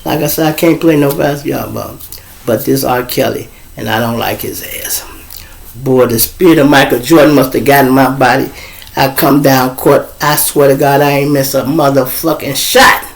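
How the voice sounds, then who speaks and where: Gravelly Chicago man telling a profane story. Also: normal speed. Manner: profane, animated, acts out quoted voices with big pitch jumps. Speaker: show host telling a personal story. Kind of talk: casual storytelling monologue.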